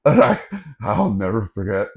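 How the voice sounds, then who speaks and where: A man's voice: on the low side, big pitch swings, normal speed, creaky, a little mellow. A man, a podcast cohost, chatting casually and swearing while joking about a school memory. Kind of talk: casual chat.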